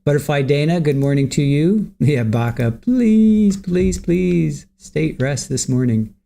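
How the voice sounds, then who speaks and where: A man's voice: medium pitch, steady tone, moderate pace, dark tone. A man hosting a livestream, greeting viewers from the chat by name and chatting casually while waiting for court to start. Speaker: livestream host.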